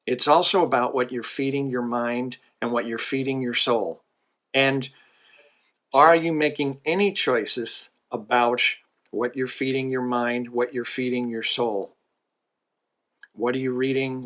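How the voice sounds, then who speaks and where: A man's voice: medium pitch, measured pace. A man, a business coach, casually telling a joke in a monthly video message. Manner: relaxed, folksy storytelling.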